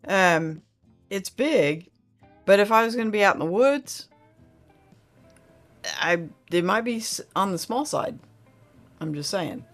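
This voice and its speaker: A woman's voice: medium pitch, expressive, takes it slowly, long pauses, soft background music. A middle-aged woman, hosting a casual livestream chat and reading viewer comments aloud in a rambling, friendly way. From Oklahoma.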